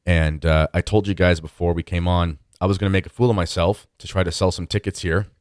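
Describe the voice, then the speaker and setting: A man's voice: low voice, fairly even intonation, brisk, no room sound, clean studio sound. A man hosting a podcast in a chatty, self-deprecating conversational way. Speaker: podcast host.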